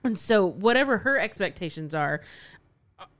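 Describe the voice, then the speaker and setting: A woman co-hosts a podcast in a chatty, easygoing way, with a mid-range voice. She often backs the other speaker up with short agreements and quick laughs. The sound is close and dry. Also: mid-range voice, expressive, fairly bright tone, dry recording. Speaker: podcast co-host. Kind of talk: casual chat.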